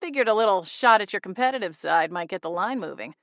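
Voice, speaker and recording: A woman's voice: medium pitch, lively intonation, quick pace, a bit bright, no room sound. A woman voicing a playful, teasing young man in an audiobook, reading his lines lightly in her own voice. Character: teasing, good-humored young man, coffee lover.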